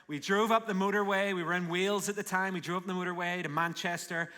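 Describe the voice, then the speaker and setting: A male pastor with a Northern Irish accent preaches live from a church stage. His voice sits a little high and rings bright and forceful, and his delivery is energetic and full of jokes. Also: quick pace, few pauses. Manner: warm, joking and energetic. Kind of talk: live sermon. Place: large church auditorium.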